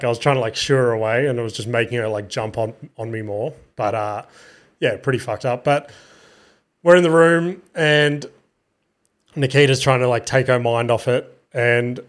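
A young man hosting a casual solo podcast, telling a story in a subdued, tired way, with casual swearing and trailing restarts. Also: medium pitch. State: sleepy and low-spirited. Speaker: podcast host.

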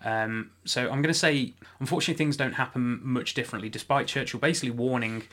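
A man's voice: medium pitch, fairly even intonation, quick pace, a bit bright. A man hosting a casual history podcast, talking loosely with joking asides and frequent self-corrections. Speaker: podcast host.

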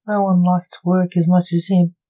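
A woman's voice: fairly low pitch, flat delivery, normal speed, dark tone, lightly acted, rough recording. A woman voicing a sarcastic, teasing young male necromancer bantering with his father. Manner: sarcastic, joking.

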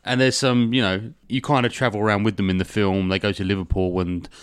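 A man's voice: on the low side, level tone, fairly quick, smooth, no echo, clean studio sound. A man, a podcast co-host, recapping a film in a rambling, jokey way and swearing in casual comedic chat.

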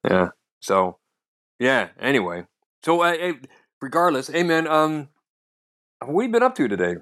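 A man co-hosting a casual podcast chat, telling stories in a rambling way with restarts, throat-clearing and lots of "you know". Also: fairly high pitch, sing-song, normal speed, a bit bright. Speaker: podcast co-host, comedian.

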